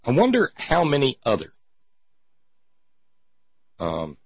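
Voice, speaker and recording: A man's voice: mid-range voice, huge pitch swings, slow, slightly rough, no echo. A man giving sarcastic, indignant political commentary full of rhetorical questions. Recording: dull lo-fi sound.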